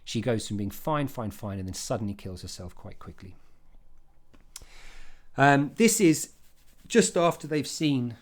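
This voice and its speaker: Man, chatty revision lesson, emphatic, quick restarts. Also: medium pitch, expressive. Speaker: English literature teacher. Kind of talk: informal exam-revision lesson.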